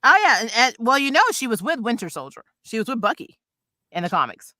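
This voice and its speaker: Bright-voiced woman, chatty comics fan. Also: a little high, no room sound, studio quality. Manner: animated, laughs often, quick asides. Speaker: podcast co-host. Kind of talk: casual chat about comics and films.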